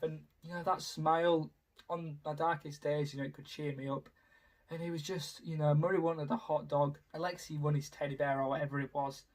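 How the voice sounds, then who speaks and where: A young man, rambling casually as a YouTuber through a ranking, full of "you know" fillers. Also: fairly high pitch. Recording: voice a bit far from the mic.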